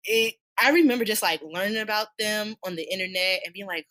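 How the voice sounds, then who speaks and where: Animated woman podcast co-host. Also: medium pitch, brisk. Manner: animated, slangy, laughs often. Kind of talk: casual chat.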